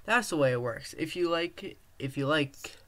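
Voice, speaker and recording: A friendly male rattlesnake speaks in a calm, explaining tone, as a man reading a story puts him on. His voice sits slightly high for a man. He sounds patient and matter-of-fact. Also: normal speed. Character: friendly talking male rattlesnake granting wishes.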